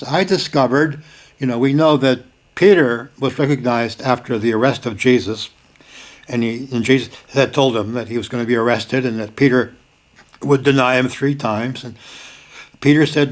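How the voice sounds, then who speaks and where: A man's voice: medium pitch, moderate pace. Emphatic older man with sudden bursts. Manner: emphatic, repeats key lines, sudden bursts of force. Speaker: video host. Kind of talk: casual spoken commentary.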